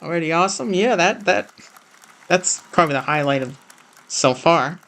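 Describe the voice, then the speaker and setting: A man's voice: a little high, moderate pace, vocal fry, pushed and bright, some chatter behind. A man casually commenting on a live showcase as he streams, rambling and hesitant. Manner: rambling, hesitant, talks over the broadcast.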